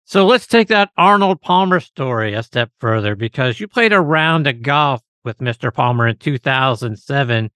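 A man's voice: mid-range voice, expressive, normal speed, few pauses, pushed and bright, clean tone, dry recording. A man hosting a podcast, setting up stories for his guest to tell. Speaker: podcast host. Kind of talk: interview questions.

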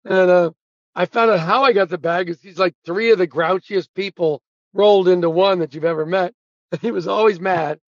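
A man with a high voice spins lively anecdotes as an interview guest, acting out the people in them and laughing along. The sound is dry and a bit dull, like a remote call. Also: moderate pace, dry recording. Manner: animated storyteller who acts out quotes and laughs at his own punchlines. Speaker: guest, sportswriter and author. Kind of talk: casual storytelling interview.

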